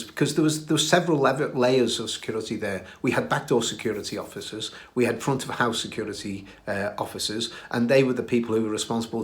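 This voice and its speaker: A middle-aged British man hosts his own show and tells stories in a loose, chatty way. He is self-deprecating and keeps his restarts and "uh"s in. His voice sits in an ordinary middle pitch. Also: fairly bright tone. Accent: British English. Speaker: podcast host recounting his career. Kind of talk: casual storytelling.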